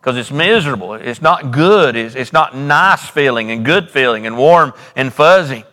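A man preaches a sermon in a church sanctuary, his voice ringing out with a long hall echo. He works in repetition, swelling up, then dropping low. His pitch sits in an ordinary middle range. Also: lively intonation, normal speed, sharp tone. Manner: preacherly, repetitive, rises and drops dramatically. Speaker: pastor.

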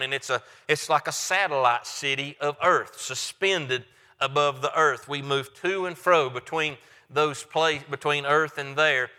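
A man's voice: mid-range voice, bright, forceful tone, clear, resonant tone. Man preaching in an echoing hall. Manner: conversational with many restarts and fillers. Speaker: pastor. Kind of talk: sermon with Bible reading.

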